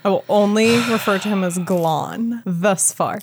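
A woman co-hosting a casual chat, animated and laughing often, restarting sentences as she goes. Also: medium pitch, measured pace, slight background noise.

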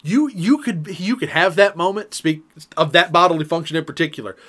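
A man tells a story on a casual podcast, his voice leaping between high and low as he acts out each person in it. He laughs often and keeps the chat loose and lively. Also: fairly quick.

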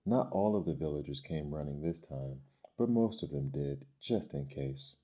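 A man reading children's stories aloud in a gentle, measured, expressive way. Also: extremely low pitch. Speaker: storyteller. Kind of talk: storybook reading. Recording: dull lo-fi recording.

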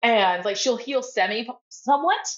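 A woman's voice: on the high side, animated, normal speed, highs cut off. A woman guest co-hosting a casual podcast chat, swearing freely and acting out film lines in put-on voices. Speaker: guest co-host.

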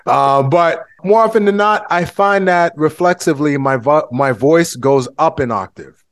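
Expressive podcast host, dry sound. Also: male voice, moderate pace, no echo. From United States. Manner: thoughtful, expressive, shifts pitch to make a point. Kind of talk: conversational interview.

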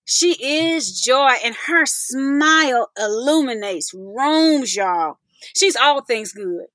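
A woman's voice: high voice, expressive, takes it slowly, fairly bright tone, dry recording. A woman hosting a podcast, talking effusively, laughing often and calling her listeners y'all. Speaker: podcast host. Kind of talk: casual podcast chat.

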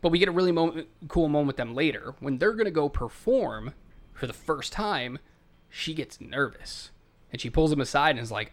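A man co-hosting a casual movie podcast, recapping scenes and quoting the characters in quick bursts. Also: a little high, animated. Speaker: podcast co-host.

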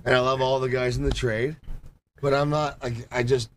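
This man talks in a loose, rambling way, swearing constantly and getting worked up as he preaches his point. His pitch sits at an ordinary middle height for a man. He speaks as a guest in a relaxed conversation. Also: normal speed, a little hiss or hum. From Canada. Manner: profane, rambling and emotional; fervent and preachy. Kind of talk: casual chat.

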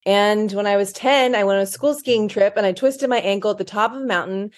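A woman co-host speaking straight to her listeners in an upbeat, encouraging tone. Her voice sits at an average pitch, and her chat is casual and motivational. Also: a little fast. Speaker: podcast co-host.

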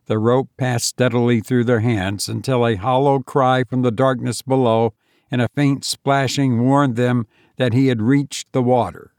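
Storyteller, male, measured and slow, gravelly tone, dry close sound. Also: medium pitch, a little mellow, dry recording. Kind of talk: scripted narration.

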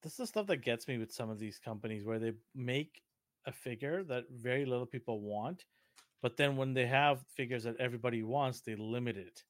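A man co-hosting a podcast in casual chat, opinionated and quick to argue his point. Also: mid-range voice, no room sound. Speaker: podcast co-host.

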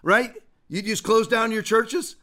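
A man with a high, bright, forceful voice hosts a commentary show. He rants and preaches in an emphatic way, quoting scripture as he goes. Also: steady tone, measured pace. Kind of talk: political commentary with scripture quotes.

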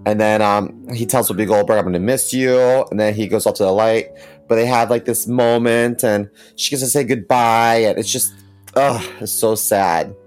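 A young man co-hosting a podcast, telling stories in a lively, teasing way. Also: fairly low pitch, normal speed, faint music behind. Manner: animated storytelling, camp teasing. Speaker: podcast co-host. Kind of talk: casual chat.

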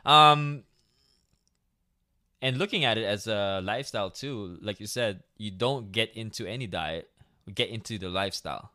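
A man's voice: lowish voice, moderate pace, sharp tone. A man hosting a podcast interview, affirming his guest, laughing easily and restarting his sentences. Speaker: podcast host.

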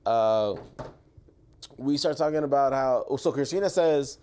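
A man's voice: mid-range voice, unhurried, a little hiss or hum. Man telling a story casually. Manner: storytelling, quoting friends in animated bursts. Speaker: podcast co-host. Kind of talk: casual chat.

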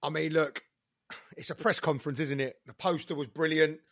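A man's voice: on the high side, fairly even intonation, moderate pace, a bit bright, dry recording, clean studio sound. A British man co-hosting a boxing chat, laughing easily and swearing, with tags like "innit". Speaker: boxing podcast co-host. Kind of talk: casual chat.

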